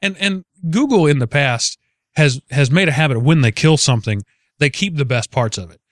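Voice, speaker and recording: Male podcast host, upbeat and wisecracking, a bit high-pitched, dry close sound. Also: lively intonation, brisk, no room sound. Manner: joking, teasing, upbeat. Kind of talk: casual chat.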